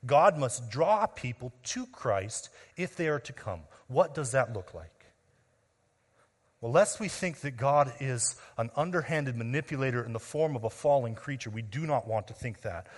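A pastor preaches to his congregation in an emphatic, questioning way, rising to loud declarations and dropping to near-whispers. His mid-pitched male voice rings with the long reverb of a large hall. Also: expressive, moderate pace, slightly rough. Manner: emphatic preaching with rhetorical questions, swinging between loud and quiet. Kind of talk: sermon.

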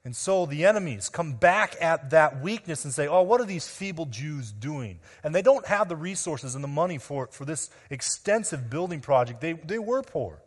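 A man preaching an expository sermon as pastor, earnest, addressing the men and women before him, often dropping quietly at the ends of phrases. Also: on the high side, expressive, moderate pace, few pauses. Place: church sanctuary. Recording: long reverb of a large room.

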